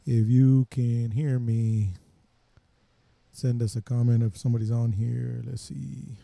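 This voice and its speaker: A man hosting a live podcast, chatting casually and haltingly with many fillers while checking his setup. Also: mid-range voice, flat delivery, gravelly, mellow, dry recording. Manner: loose, halting, lots of fillers while fixing gear. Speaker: podcast host. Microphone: headphones and desk mic.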